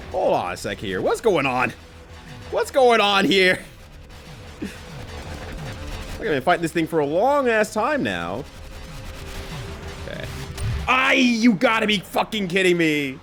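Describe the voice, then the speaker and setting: Male streamer, animated pitch, chatty gameplay commentary, laughs a lot. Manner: chatty, laughs often, talks to chat while playing.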